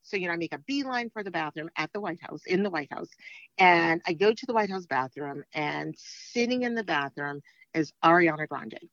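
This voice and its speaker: A woman guest telling stories in an interview, lively and quick to act out the voices she quotes. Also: no echo. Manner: lively storyteller, swings high for quoted speech. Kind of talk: storytelling in a podcast interview. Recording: dry, dull lo-fi sound.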